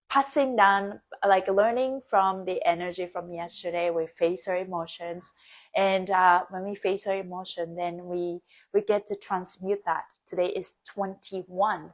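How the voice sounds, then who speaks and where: A woman mentor on a live stream, coaching in a reflective, earnest way. Her voice sits in a mid range, and she laughs easily between thoughts. It sounds like a phone mic. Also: medium pitch. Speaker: dance embodiment mentor.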